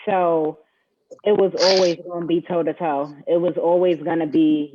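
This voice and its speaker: A woman's voice: low voice, fairly even intonation, normal speed, noisy background. Woman panel guest, earnest and personal; tinny phone-line quality. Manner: earnest, reflective, openly personal. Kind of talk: candid personal discussion.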